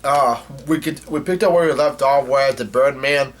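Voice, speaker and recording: A man's voice: mid-range voice, moderate pace. Rambling, profane male comic reader. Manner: rambling, filler-heavy, swears freely. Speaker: manga reading channel host. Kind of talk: casual comic read-through with commentary.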